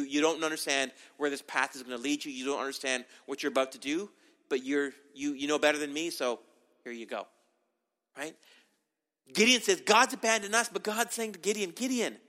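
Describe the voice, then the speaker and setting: A male pastor preaching a sermon, animated, acting out quotes and often asking "right?". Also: a little high, brisk. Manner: animated, acts out quotes, tag questions.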